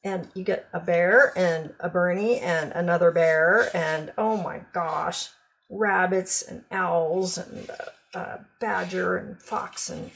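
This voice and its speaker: Slow gravelly-voiced woman showing craft supplies. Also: fairly low pitch, fairly bright tone, slight background noise. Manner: chatty, frequent ums, gushes over cute designs. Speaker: craft product demonstrator. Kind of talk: casual product show-and-tell.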